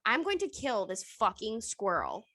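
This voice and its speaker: A woman's voice: a little high, wildly swooping pitch, measured pace, bright, forceful tone, no room sound. A young woman co-hosting a casual podcast, rambling and swearing freely while laughing often. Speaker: podcast co-host. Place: outdoors at her mother's home. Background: dog barking and squirrel noises.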